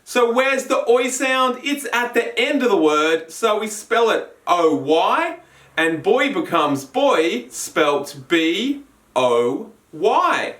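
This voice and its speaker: A man with a fairly high voice teaches a spelling lesson at an unhurried pace, sounding out each letter and sound clearly. He sits a little back from the mic in an echoey room. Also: very animated, a bit bright, distant mic.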